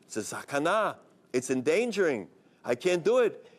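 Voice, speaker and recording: A timid chauffeur, soft and apologetic, begging off a risky order, as a storyteller puts him on. His words come with a lively lilt. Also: on the high side, moderate pace. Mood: nervous. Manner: hesitant and pleading. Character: timid, deferential male chauffeur.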